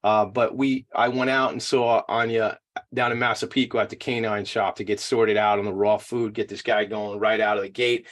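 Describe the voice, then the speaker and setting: A man co-hosting a casual chat, rambling and excitable and tripping over his words. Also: on the low side, normal speed. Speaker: podcast co-host.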